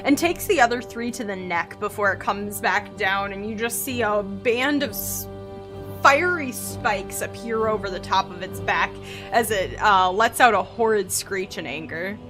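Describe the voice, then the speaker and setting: A woman running a tabletop game as game master, describing the action vividly between quick rules checks. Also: medium pitch, music in the background.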